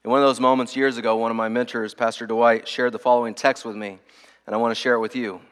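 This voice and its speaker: A male pastor preaching a sermon in a church, earnest and emphatic, softening to a hushed tone in prayer. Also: medium pitch, level tone, fast talker, smooth, long reverb tail.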